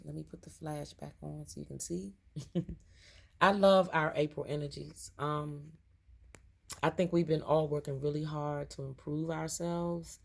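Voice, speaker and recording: Low, gravelly woman reading tarot slowly. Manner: slow, gentle and spiritual, reading card texts aloud with soft laughs. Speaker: tarot reader. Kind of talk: collective energy tarot reading.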